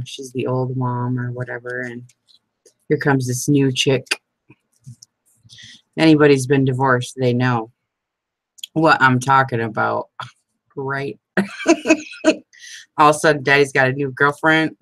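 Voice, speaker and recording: A middle-aged woman with a low, deep voice chats on while she crafts, rambling from one story to the next. She laughs easily and pokes fun at her own mistakes. The sound is dry and close. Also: fairly even intonation, unhurried, pauses often, a bit bright, dry recording. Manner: chatty, rambling, laughs often, self-deprecating. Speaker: craft vlogger. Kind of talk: casual chat while crafting.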